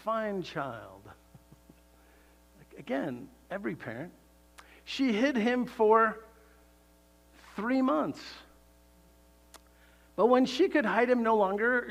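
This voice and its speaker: High-voiced guy preaching, super animated, lots of questions to the crowd and little laughs. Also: vocal fry. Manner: animated, laughing asides, rhetorical questions to the congregation. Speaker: pastor. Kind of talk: sermon.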